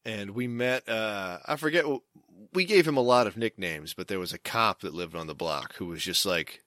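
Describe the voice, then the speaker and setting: A man's voice: on the low side, expressive, normal speed, fairly bright tone, dry recording, clean studio sound. A young man telling a casual, rambling story, often stopping and restarting mid-sentence. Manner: rambling, self-interrupting storyteller.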